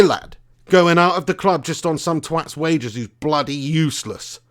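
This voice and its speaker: Young guy hosting a live stream, chatty, swears a lot, laughs a lot, voice on the high side. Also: moderate pace. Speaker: fan channel host. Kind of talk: casual live-stream chat.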